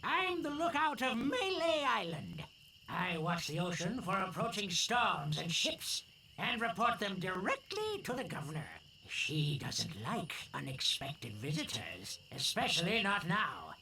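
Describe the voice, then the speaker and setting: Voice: mid-range voice, sing-song, measured pace, creaky, pushed and bright, a little hiss or hum, exaggerated voice. An actor playing an old, blind male island lookout in a pirate adventure game, with a dry, teasing delivery. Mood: ominous. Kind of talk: video game voice acting.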